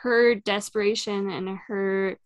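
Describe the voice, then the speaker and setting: A woman's voice: mid-range voice, steady tone, slow pace, no echo, clean studio sound. A woman co-hosting a casual film podcast, adding wry, joking asides. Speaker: podcast co-host.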